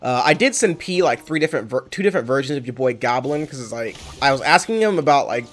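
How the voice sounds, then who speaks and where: A man's voice: mid-range voice, expressive, quick pace, few pauses, fairly bright tone. Rambling casual young man streamer. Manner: rambling, self-correcting, swears freely. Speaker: game streamer. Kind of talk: casual chat while playing a game.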